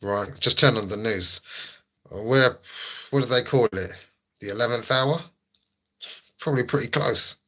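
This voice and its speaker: A man's voice: mid-range voice, measured pace, pauses often, bright, forceful tone. A young man hosting a livestream, chatting casually and joking as he reads out viewer messages. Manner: laid-back, jokey, reads chat aloud. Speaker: livestream host.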